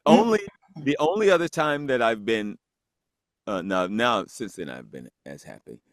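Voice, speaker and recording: A man's voice: lowish voice, big pitch swings, normal speed, no echo, clean studio sound. A man guest on a podcast, telling a story in casual chat and acting out the voices of the people in it, laughing often.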